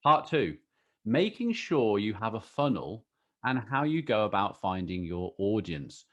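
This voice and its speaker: Lively, playful male podcast host. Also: on the low side, measured pace, dull audio. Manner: playful, teasing, animated. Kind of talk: casual podcast chat.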